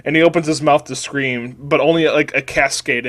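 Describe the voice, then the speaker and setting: A man's voice: fairly high pitch, steady tone, normal speed, fairly bright tone. A man, a podcast host, casually reading out a crude comedic fanfiction, rambling and restarting words.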